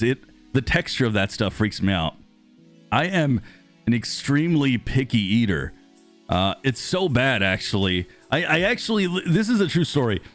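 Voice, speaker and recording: A man in his thirties casually chatting with viewers on a live stream, rambling and talkative, losing his voice and clearing his throat. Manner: chatty and rambling, lively pitch swings when greeting viewers. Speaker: streamer host reading live chat.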